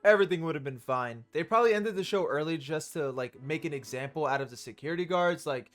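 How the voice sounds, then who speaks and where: A man's voice: a little high, expressive, fast, hardly any pauses, soft background music. A young man hosting, giving loose, profane casual commentary on concert clips and laughing between points. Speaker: host.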